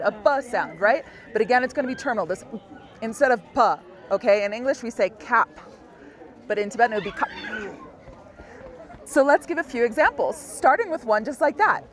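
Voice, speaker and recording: Lady giving a chatty language lesson outside, bit high voice, laughs a lot. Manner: friendly, explains step by step, laughs often. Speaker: language teacher. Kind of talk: casual outdoor lesson. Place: outdoors in a busy public place. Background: onlookers in the street.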